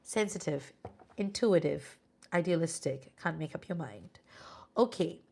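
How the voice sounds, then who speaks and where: Singaporean woman, tarot-reading streamer; chatty and reassuring, gravelly edge. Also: sits low, expressive, measured pace, darkish tone. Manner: chatty, reassuring, sprinkles "lah". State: sleepy, yawning. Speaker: tarot reader and live streamer. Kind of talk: casual live-stream chat with viewers.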